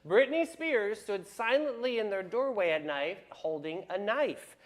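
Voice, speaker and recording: A woman's voice: medium pitch, lively intonation, measured pace. A woman with a Southern US accent hosting a casual talk show, leading segments and reading stories aloud with emphasis. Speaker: show host.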